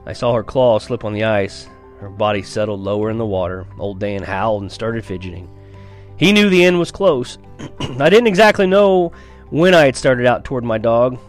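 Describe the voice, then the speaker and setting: A man's voice: mid-range voice, animated, normal speed, soft background music. A man reading a first-person novel aloud in an earnest storytelling manner, with small stumbles and restarts. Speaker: reader of a novel.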